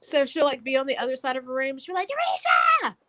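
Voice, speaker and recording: A woman in her thirties speaks in a somewhat high voice. She tells stories in a lively, chatty way and acts out little quotes as a guest on a casual talk show. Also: racing. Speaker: guest, construction company owner. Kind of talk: casual chat on a live show.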